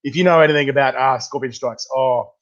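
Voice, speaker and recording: A young Australian man hosting a casual chat, excitable and laughing as he tells quick stories. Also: medium pitch, highs cut off. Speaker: host.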